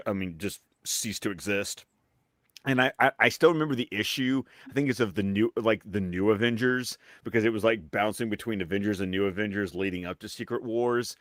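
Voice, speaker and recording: Man, low voice, co-host, meandering, reminiscing, dry mic. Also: dry recording. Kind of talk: casual livestream chat.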